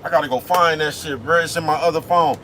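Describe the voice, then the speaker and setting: A man's voice: a little high, steady tone, quick pace, pushed and bright. Slangy man rambling from a truck cab. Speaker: vlogger driving a truck. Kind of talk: casual rambling monologue. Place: cab of a big truck on the road. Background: faint traffic noise.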